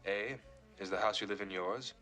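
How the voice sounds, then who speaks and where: A man's voice: lowish voice, normal speed, bright, forceful tone. A man in a spoof comedy film with an earnest, plaintive manner. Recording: film soundtrack with music.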